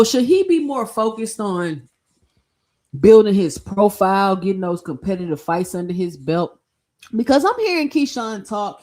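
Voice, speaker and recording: A woman hosting a casual boxing livestream, talking in an opinionated, animated way and speaking straight to her chat. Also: mid-range voice. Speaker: livestream boxing talk host.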